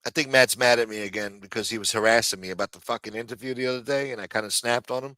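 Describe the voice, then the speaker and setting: A man's voice: mid-range voice, quick pace, few pauses, pushed and bright, no room sound, studio quality. A man hosting a live commentary stream, sarcastic, profane and mocking as he talks. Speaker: livestream host.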